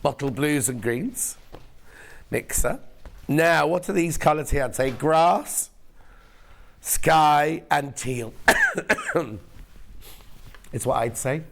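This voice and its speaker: Hoarse male shopping presenter, gravelly, slightly high, chatty and self-mocking. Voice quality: croaky, gravelly. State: hoarse, losing his voice. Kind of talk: live sales presenting.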